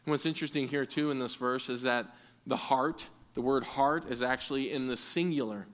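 A man's voice: mid-range voice, fairly quick, fairly bright tone. A man preaching a sermon in an earnest way, often repeating words as he restarts. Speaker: pastor.

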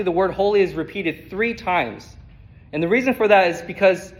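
Guy preaching a verse-by-verse sermon, highish voice, slow and emphatic, repeats himself a bit. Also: rough recording. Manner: measured, emphatic, repeats words while thinking. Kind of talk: expository sermon.

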